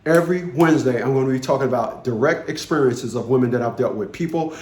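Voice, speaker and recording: A man's voice: medium pitch, quick pace, darkish tone, echoey room. A man in his fifties, ranting bluntly to camera and telling a story, profane and commanding, repeating phrases for emphasis. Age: 50s. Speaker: vlogger.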